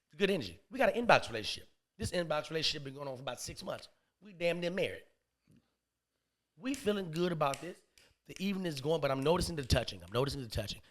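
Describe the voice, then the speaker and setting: Animated man telling a wild story. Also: fast. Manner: animated, swings between low murmurs and loud outbursts; profane, slangy delivery. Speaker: podcast guest. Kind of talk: comedic storytelling.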